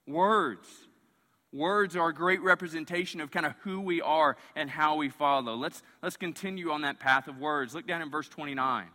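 Man, pastor, sermon, high and very bright voice, long hall reverb. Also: moderate pace. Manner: animated preaching, surging loud then dropping quiet.

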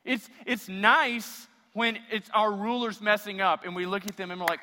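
A male pastor preaches with a high, bright, forceful voice. He drives his points home by repeating phrases, and a long hall reverb trails his words through the church. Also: steady tone, fast, few pauses. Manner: emphatic, repeats phrases for stress. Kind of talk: sermon.

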